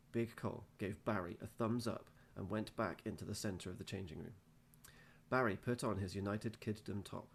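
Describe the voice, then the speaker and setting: A male teacher reading a children's storybook aloud in an unhurried way. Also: lowish voice, gravelly, a little hiss or hum.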